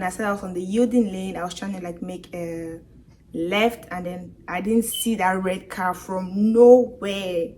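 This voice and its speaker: A woman's voice: medium pitch, a little mellow, slight background noise. Emotional woman telling a storytime testimony. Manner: emotional retelling, acting out quoted voices. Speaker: vlogger.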